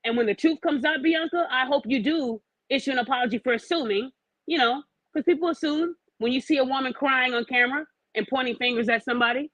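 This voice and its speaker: Blunt, high-voiced woman podcast host. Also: quick pace, a bit bright, no echo, dull audio. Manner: blunt, profane, confrontational; challenges the listener with pointed questions. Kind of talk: opinionated podcast rant.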